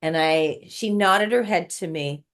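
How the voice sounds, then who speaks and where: An unhurried woman, her voice on the low side, shares a spiritual story as a guest in an informal conversation. She's emotional and breathless, circling back over the same words as she tells it.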